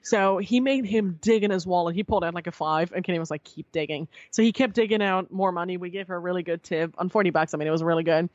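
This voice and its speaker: A woman's voice: on the low side, fast, few pauses, no room sound. Woman telling a story, lo-fi. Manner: animated, swears freely, acts out quotes. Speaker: podcast guest. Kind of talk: casual storytelling chat.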